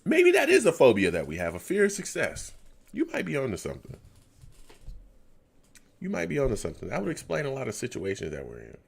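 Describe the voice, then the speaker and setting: A man's voice: medium pitch, wildly swooping pitch, fairly quick, vocal fry, long pauses, husky. A man hosting a live fan reaction show, talking casually and sounding exasperated. He sighs, repeats himself and drops to a near whisper. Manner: exasperated, sighing and muttering.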